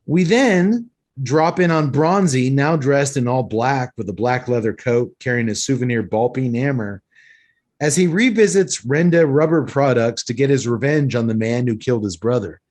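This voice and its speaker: A man hosting a podcast and recapping an action movie in lively, sweary casual chat, a little tipsy from several beers. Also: medium pitch, normal speed. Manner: animated, sweary storytelling recap. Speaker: podcast host recapping a film.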